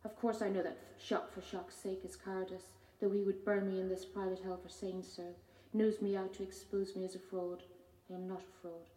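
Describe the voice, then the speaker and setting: A woman, a poet giving a measured reading of her own poems with hesitant spoken asides between them. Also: mid-range voice, level tone, mellow. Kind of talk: poetry reading. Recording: roomy hall from far off.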